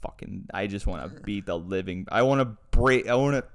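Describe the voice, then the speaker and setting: A young man with a lowish voice chats on a podcast, ranting crudely and swearing freely as he tells a story. His tone stays smooth and clear, and he often gets heated between laid-back stretches. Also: brisk. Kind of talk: casual chat.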